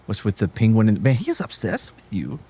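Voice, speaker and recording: A man's voice: lowish voice, wildly swooping pitch, fairly quick, warm tone, a little hiss or hum. A man hosting a casual livestream chat, joking and cursing and laughing often. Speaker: livestream host.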